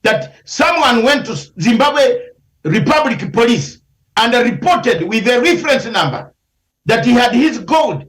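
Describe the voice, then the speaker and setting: High-pitched combative man in echoey room. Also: big pitch swings, a little slow. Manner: combative, fires rhetorical questions, shouts at times. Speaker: lawyer, interview guest. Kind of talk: heated news interview.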